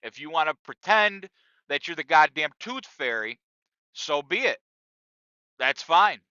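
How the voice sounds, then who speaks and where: A middle-aged man hosts a podcast in a loose, profane monologue aimed straight at his listeners. His voice is very bright and a touch high. The sound is dry and dull, like a lo-fi home setup. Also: expressive, a little slow, dry recording. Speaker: podcast host. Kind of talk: casual monologue.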